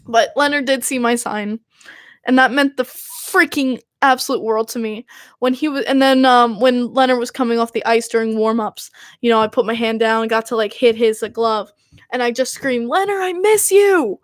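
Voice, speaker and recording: A young woman hosting a podcast, talking in an excitable, gushing, filler-heavy way. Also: a little high, moderate pace, no room sound, studio quality. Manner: gushing, excitable fan talk with many fillers. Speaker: podcast host. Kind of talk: casual chat.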